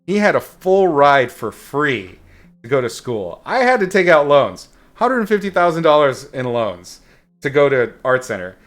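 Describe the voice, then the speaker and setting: A man's voice: mid-range voice, a bit bright. Blunt rambling man telling a story. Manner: rambling, frequent fillers and restarts, blunt swearing. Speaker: painting instructor streaming a painting session. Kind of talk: casual storytelling while painting.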